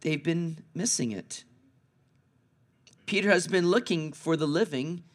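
High-voiced male pastor, Easter sermon, dynamic hushed-to-loud delivery. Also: unhurried. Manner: dramatic swings between hushed and raised voice.

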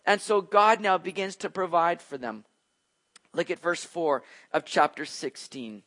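A high-pitched man preaching a sermon in a loose, conversational way. He gets animated and acts out the voices of the people in his stories, with casual asides along the way. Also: measured pace. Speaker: pastor. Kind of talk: expository sermon.

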